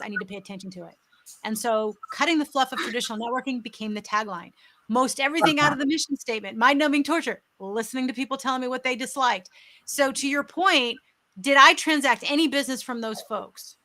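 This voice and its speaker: An effusive woman hosting an online interview, her voice bright and ringing. She pitches a little high and tells her stories with eager energy. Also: fast. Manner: upbeat, effusive, storytelling. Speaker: host. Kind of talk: virtual interview chat.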